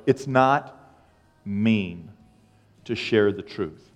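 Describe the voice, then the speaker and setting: A man preaching a sermon as pastor, acting out dialogue with lively asides. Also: mid-range voice, moderate pace, in a large hall. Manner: animated, acts out dialogue, self-deprecating asides. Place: church sanctuary.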